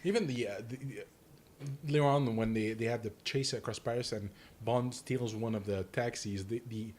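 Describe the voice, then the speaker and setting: Man, podcast co-host, mid-pitched, hesitant and rambling, faint hiss behind. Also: steady tone, moderate pace, a little mellow. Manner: rambling, hesitant, many restarts. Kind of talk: casual film review chat.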